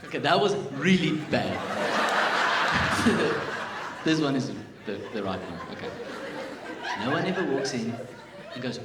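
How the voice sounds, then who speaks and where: Brief: South African male comic, animated and self-mocking, lively pitch, echoey theatre, loud crowd. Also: normal speed, heavy background noise. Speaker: stand-up comedian. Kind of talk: stand-up comedy set. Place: theatre stage. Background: audience laughter.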